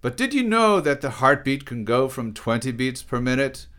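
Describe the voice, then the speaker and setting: A man's voice: medium pitch, very animated, normal speed, a bit bright, pitched above the performer's own voice. A man voicing a sneering, know-it-all male scientist in his own poem. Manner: omniscient, sneering.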